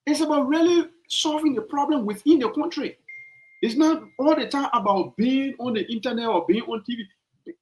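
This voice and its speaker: Over poor audio, a man with a very high voice and a Liberian accent hosts a podcast. He delivers opinionated political commentary, leaning on emphatic repetition and rhetorical questions.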